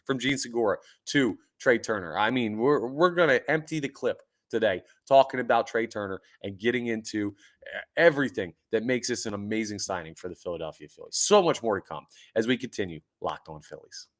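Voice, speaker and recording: A man hosting a sports podcast, talking excitedly and emphatically, repeating points for emphasis. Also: on the low side, brisk. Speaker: podcast host.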